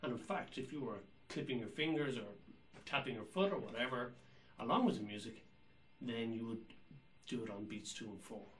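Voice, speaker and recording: A man's voice: mid-range voice, moderate pace, slight background noise, low-quality recording. A man teaching jazz rhythm, explaining patiently and counting beats and scatting rhythms aloud. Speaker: drum teacher. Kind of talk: instructional explanation.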